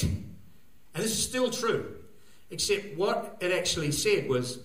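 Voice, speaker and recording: A man's voice: high voice, lively intonation, a little slow, fairly bright tone. A man doing a rambling, crude stand-up set, laughing at his own jokes in front of a live crowd. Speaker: stand-up comedian. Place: comedy gig venue, live audience. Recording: echoey live venue.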